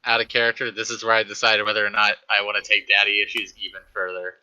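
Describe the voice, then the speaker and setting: Brief: a male player who jokes and rambles, bright tone, lowish pitch. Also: monotone, fast, clear, resonant tone, dull audio. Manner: joking, rambling. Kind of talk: tabletop role-play.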